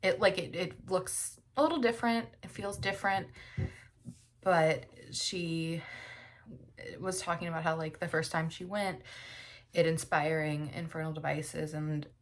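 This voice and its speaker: A woman's voice: low voice, fairly even intonation, unhurried. A woman book vlogger talking casually at home, emotional and teary, rambling with lots of fillers. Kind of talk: casual personal reflection.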